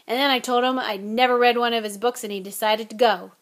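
Woman doing loud gruff half-giant man. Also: fairly high pitch, fairly even intonation, quick pace, close to an everyday voice. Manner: growling, loud and blunt. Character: huge gruff male half-giant groundskeeper. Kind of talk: audiobook character voice.

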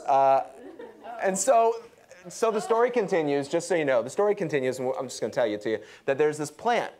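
A young adult man preaching a sermon, animated and acting out quotes. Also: fairly quick. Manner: lively, acts out quotes with pitch jumps. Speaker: pastor.

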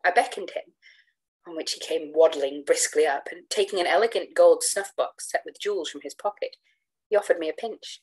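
Woman reading a gothic tale, low-toned. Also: rough recording. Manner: measured, expressive first-person storytelling. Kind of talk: literary narration read aloud.

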